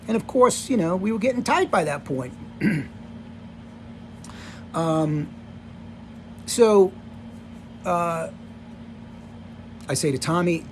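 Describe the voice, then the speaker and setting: A man's voice: high voice, lively intonation, slow pace, long pauses, a little hiss or hum. A man in his sixties casually telling stories from his past on camera, rambling and full of "you know" and "like". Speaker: vlogger telling rock-tour stories. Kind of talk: casual storytelling.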